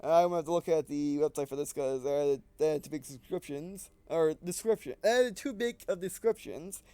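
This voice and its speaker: Breathless man with a high, smooth voice. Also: moderate pace, mellow, no room sound. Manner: rambling, often restarting and correcting himself. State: short of breath. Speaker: gaming video creator. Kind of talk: casual gameplay commentary.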